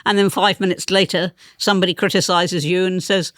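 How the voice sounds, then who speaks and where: Her voice is lowish, brisk and fairly even in intonation: an older woman and former politician, speaking precisely and emphatically as a guest in a conversational interview. She uses English received pronunciation with rolled R's. The audio has studio quality with no room sound.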